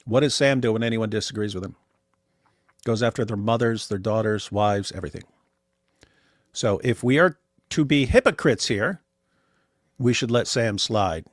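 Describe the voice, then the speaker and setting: A man's voice: lowish voice, moderate pace, long pauses, dry recording, studio quality. A man hosting a livestream, talking in casual commentary, emphatic and repeating words as he keeps addressing his audience. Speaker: livestream host.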